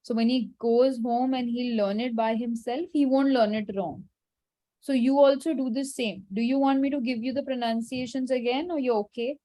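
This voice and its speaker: A woman teaching French in an online class, patient and instructive but gently firm with her students. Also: fairly high pitch, steady tone, normal speed. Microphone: video call.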